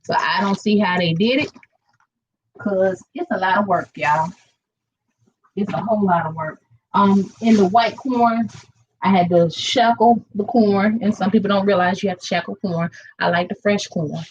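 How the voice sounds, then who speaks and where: A woman's voice: mid-range voice, moderate pace, a little hiss or hum. Chatty lady talking to her viewers while she cooks, kinda muffled sound. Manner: chatty, rambling, talks straight to viewers. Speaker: vlogger cooking live. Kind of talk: casual live-stream chat. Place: home kitchen.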